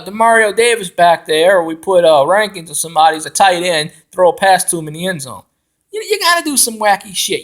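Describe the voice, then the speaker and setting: Profane, animated ranting football fan man. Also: high-pitched. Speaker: fan commentator.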